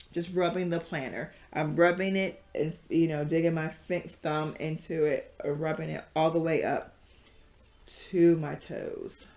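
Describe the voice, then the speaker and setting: A woman's voice: deep voice, a little mellow. A woman leading a casual yoga class, chatty and rambling, with many fillers and frequent laughs. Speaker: yoga instructor.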